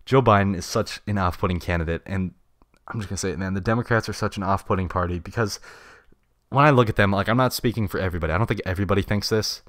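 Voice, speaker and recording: Fast-talking deep-voiced guy ranting. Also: a bit bright, no echo, clean studio sound. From United States. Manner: slangy and blunt, heavy on "dude" and "bruh". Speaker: podcast host. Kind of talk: casual solo podcast rant.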